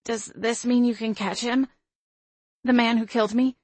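A woman voicing a tearful, remorseful young female ghost in an audiobook, speaking in a trembling, halting way. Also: fairly high pitch, steady tone, slightly rough, dry recording, voice pushed up. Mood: hopeful. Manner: trembling, halting, self-reproaching delivery. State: crying.

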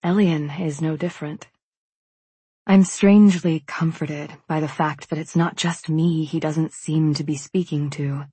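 Slow husky woman narrating. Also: low voice, fairly even intonation, mellow, dry recording. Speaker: audiobook narrator. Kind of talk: first-person fiction narration.

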